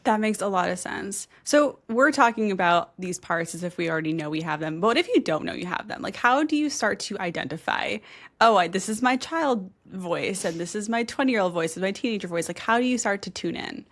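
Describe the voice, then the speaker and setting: Woman host of a chatty podcast, mid-pitched voice, open and personal, laughs a lot. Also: lively intonation, a little fast. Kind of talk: casual podcast conversation.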